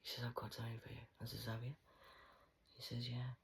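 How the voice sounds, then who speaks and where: A woman in a rambling monologue to camera, swearing often and swinging between loud outbursts and hushed whispers. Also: a bass voice, monotone, fast talker, creaky, slight background noise, rough recording.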